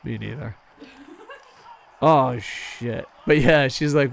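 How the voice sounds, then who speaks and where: A man giving casual, excitable commentary on a hockey video game stream, swearing often and poking fun at himself. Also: medium pitch, unhurried, creaky. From United States. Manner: excitable, profane, self-mocking.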